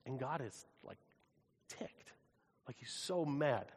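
A man preaching a sermon in a casual, animated, conversational way. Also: mid-range voice, slow pace, breathy edge. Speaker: pastor. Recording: long hall reverb.

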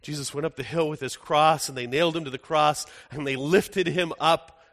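A man playing the apostle John as an older man in a first-person dramatic monologue, earnest, moving between hushed and urgent. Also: on the high side, fairly even intonation, moderate pace. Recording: echoey hall with long reverb.

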